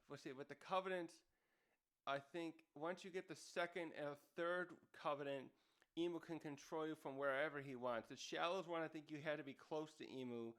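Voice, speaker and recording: A man's voice: a little high, fairly bright tone, clean tone. A man giving casual, rambling commentary as a manga reviewer, often correcting himself mid-sentence.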